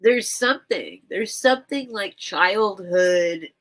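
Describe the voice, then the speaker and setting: Lady streamer reading a kids book out loud, kinda teary, rambly, lots of "like". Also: mid-range voice, lively intonation, slow, poor audio. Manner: rambling, chatty, heavy on "like" fillers. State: teary, on the verge of crying. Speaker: livestream seller. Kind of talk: casual livestream chat and reading aloud.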